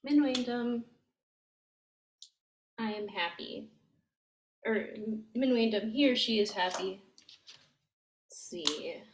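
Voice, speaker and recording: A woman teaches a language lesson, explaining each step gently and with frequent ums. She speaks slowly in a fairly high voice. The recording sounds roomy and echoey, with a faint hiss underneath. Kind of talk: slow, patient language lesson.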